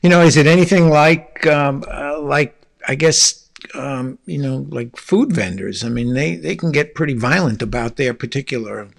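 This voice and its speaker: A man's voice: medium pitch, moderate pace, gravelly, hardly any pauses. A man hosting a casual interview, asking long, meandering questions full of fillers. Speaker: podcast host.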